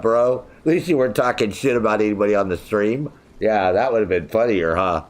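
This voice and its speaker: A man's voice: fairly low pitch, brisk, few pauses. A man chatting casually with his viewers while streaming a game, swearing freely, joking around and laughing often. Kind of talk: casual livestream chat.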